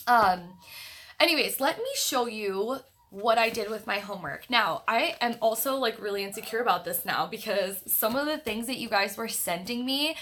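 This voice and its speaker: On a relaxed livestream for her online book club, a young woman says hello to viewers by name from her grandmother's house, with lots of filler words. Her voice is fairly high and fairly bright.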